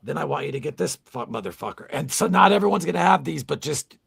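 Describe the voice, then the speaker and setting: A man's voice: a little high, animated, quick pace, creaky, a bit bright, breathy edge. A man on a podcast, talking casually in a rambling, profane, insistent way. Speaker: podcast co-host. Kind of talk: casual chat.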